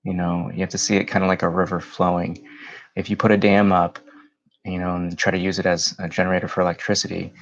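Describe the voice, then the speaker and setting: A man leading a guided meditation in a slow, soothing voice with drawn-out phrases. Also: low voice, monotone, dull audio. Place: home.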